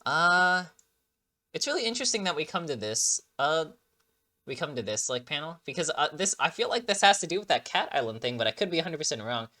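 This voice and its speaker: A man casually chatting through a game trailer reaction, excitable and rambling with lots of fillers and restarts, sounding like he just woke up. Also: a little high, fairly quick.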